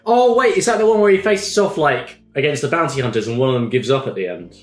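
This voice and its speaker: Lively man with a bouncy voice. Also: mid-range voice, roomy sound. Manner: lively, jokey, quick to jump in. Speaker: podcast co-host. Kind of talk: casual chat.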